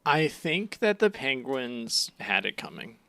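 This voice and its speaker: Bright-voiced young man, laughing podcast chat. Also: medium pitch, very animated, slow pace, gravelly, no echo. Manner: laughs often, loose and rambling with many fillers. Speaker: podcast co-host. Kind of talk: casual chat recapping an anime.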